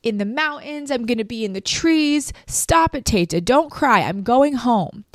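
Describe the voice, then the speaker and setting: Woman doing a frail old grandmother, much higher voice, louder, soothing and insistent, dry sound. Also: lively intonation, a little slow, dry recording. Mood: tender, reassuring. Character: dying elderly grandmother, tender and reassuring.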